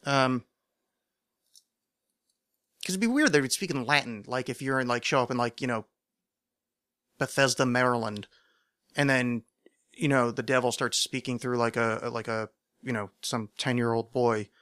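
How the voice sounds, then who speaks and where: A man's voice: mid-range voice, normal speed, pauses often, fairly bright tone, smooth, no room sound, studio quality. A man hosting a solo podcast, chatting casually in a rambling, self-mocking way with lots of fillers. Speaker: podcast host.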